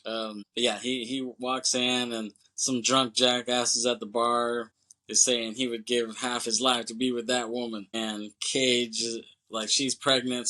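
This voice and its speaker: A man's voice: medium pitch, bright, forceful tone. A man co-hosting a movie podcast, chatting casually and rambling as he swears and acts out scenes. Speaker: podcast co-host.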